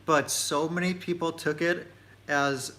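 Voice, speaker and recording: A man co-hosting a casual travel live stream on a phone, easygoing and measured. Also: on the high side, fairly even intonation, sharp tone. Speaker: travel vlog co-host.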